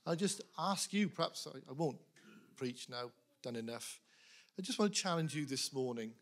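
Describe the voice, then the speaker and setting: A man preaching earnestly to a church congregation, animated, with laughs and quick asides. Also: medium pitch. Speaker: pastor appealing for prayer. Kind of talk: sermon.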